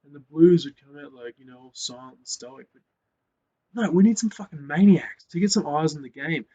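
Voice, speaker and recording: A man hosting a casual sports rant, swearing often and growing loud and worked up. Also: fairly high pitch, animated, moderate pace, slightly rough. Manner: swears a lot, gets loud and fired up. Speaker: host. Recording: slightly dull lo-fi sound.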